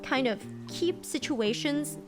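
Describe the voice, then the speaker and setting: High-voiced young woman telling a story. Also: slow pace, music in the background. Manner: animated, rambling, repeats phrases. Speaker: streamer. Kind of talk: storytelling to viewers.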